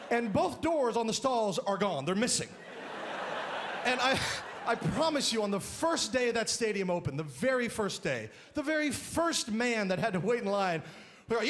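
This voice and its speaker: A man doing a stand-up comedy routine on a live stage, loud and exaggerated, often shouting his punchlines. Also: extremely high pitch. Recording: live stage mic, crowd laughter and noise. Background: audience laughing.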